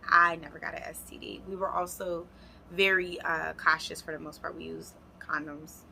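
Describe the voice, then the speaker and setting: Bright-voiced woman telling a story. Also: medium pitch, normal speed, vocal fry, slight background noise. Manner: animated, talks straight to viewers. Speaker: vlogger. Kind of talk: storytime vlog, casual chat.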